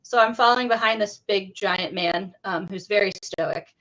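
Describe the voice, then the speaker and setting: A woman's voice: medium pitch, moderate pace, fairly bright tone. Chatty woman telling a story, lo-fi. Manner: chatty, lots of fillers. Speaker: guest, teacher. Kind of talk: casual storytelling chat. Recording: dull lo-fi audio.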